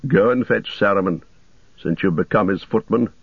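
A stern old wizard speaks with firm command in a low, dry voice, as a male narrator reads him. The storybook recording is dull and lo-fi. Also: moderate pace, creaky, husky, no echo. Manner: commanding, loud when calling out.

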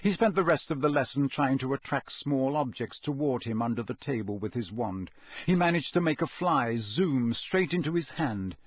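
A man reading an audiobook in a steady, even storytelling manner. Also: medium pitch, moderate pace, husky, no room sound. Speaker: audiobook narrator. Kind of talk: scripted narration.

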